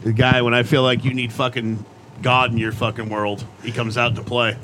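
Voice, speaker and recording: A man's voice: mid-range voice, flat delivery, moderate pace, a bit bright, a little hiss or hum, low-quality recording. A man co-hosting a talk show in casual banter, crude and joking, swearing a lot.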